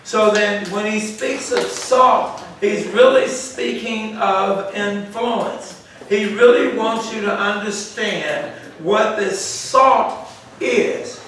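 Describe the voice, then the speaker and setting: A high-voiced man teaches a church Bible study at an unhurried pace, drilling his listeners with questions and repeated words. He is heard from a distance in a very echoey room with faint background noise. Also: a bit bright. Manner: call-and-response questioning, repetitive emphasis.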